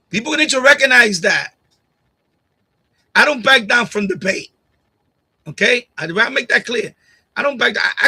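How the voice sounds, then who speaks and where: Combative high bright-voiced man ranting. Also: husky, low-quality recording. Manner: combative, repetitive, talks straight at a viewer. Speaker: live stream host. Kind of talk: ranting live stream chat. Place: home streaming setup. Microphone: USB condenser mic on boom arm.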